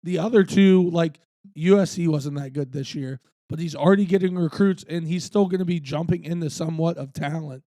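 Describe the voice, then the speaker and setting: A man's voice: on the high side, brisk, warm tone, no echo, clean studio sound. A young man co-hosting a casual sports podcast, laid-back and swearing freely. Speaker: podcast co-host.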